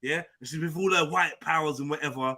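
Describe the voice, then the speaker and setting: A man's voice: a little high, fast, sharp tone, poor audio. A man hosting an open panel, talking animatedly and breaking into laughs and quoted voices. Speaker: host. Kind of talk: casual chat.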